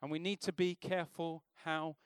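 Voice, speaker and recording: A man's voice: a little high, level tone, moderate pace, smooth, dry recording, clean studio sound. A man preaching an informal sermon in a church, talking conversationally and asking the congregation questions.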